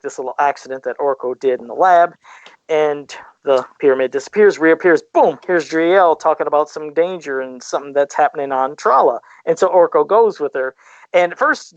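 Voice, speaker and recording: Higher-voiced man recapping a cartoon excitedly. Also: no room sound. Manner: animated storytelling, recapping plots. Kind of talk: casual podcast chat. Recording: dry, dull lo-fi podcast audio.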